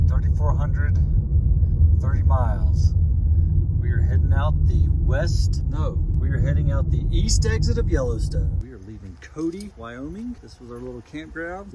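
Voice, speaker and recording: A man narrates a road-trip vlog with jokey, upbeat running commentary. His voice sits at a mid pitch. It is filmed on a camera mic inside the car, with loud road noise all around. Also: recorded from a distance, highs cut off. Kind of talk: casual travel vlog narration.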